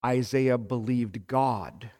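Male pastor, unhurried emphatic sermon delivery, church hall echo. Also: mid-range voice, darkish tone. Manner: slow, emphatic preaching with rising fervor. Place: church sanctuary. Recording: long hall reverb.

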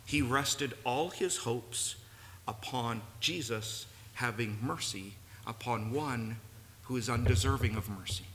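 Preaching slowly in a mid-range, fairly bright voice, a pastor delivers an earnest sermon that climbs to emphatic peaks. The church sanctuary gives the recording long reverb and faint room noise.

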